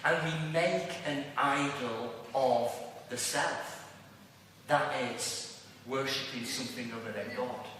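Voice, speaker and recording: A man's voice: mid-range voice, slow pace, bright, forceful tone, slight background noise. A man with a Liverpool accent preaching a sermon to a congregation in a church hall. He speaks emphatically and puts rhetorical questions to his listeners. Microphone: distant room mic. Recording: echoey church hall from far off.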